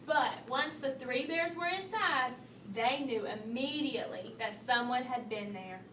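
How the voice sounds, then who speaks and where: A woman reading a children's story aloud, expressive, lifting her voice for the bears. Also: measured pace, distant mic. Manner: expressive read-aloud, raising pitch for the bears' lines. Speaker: storybook reader. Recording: echoey room, voice from off-mic, faint hiss.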